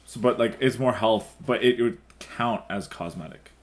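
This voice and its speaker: A man's voice: on the low side, moderate pace. A man with a congested, stuffy-nosed voice, rambling through a casual podcast chat with lots of fillers. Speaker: podcast co-host.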